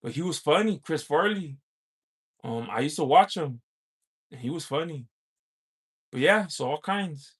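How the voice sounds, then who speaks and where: A man hosting a livestream, chatting casually and reading out viewer comments, halting with many pauses and filler sounds. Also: fairly high pitch, lively intonation, breathy edge. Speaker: livestream host.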